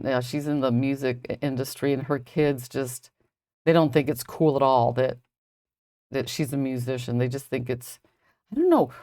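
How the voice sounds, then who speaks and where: A woman's voice: very deep voice, a little mellow. A middle-aged woman, a jewelry designer, rambling in casual chat with viewers on a live stream while she knots a bracelet, saying "like" constantly. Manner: rambling, heavy use of "like".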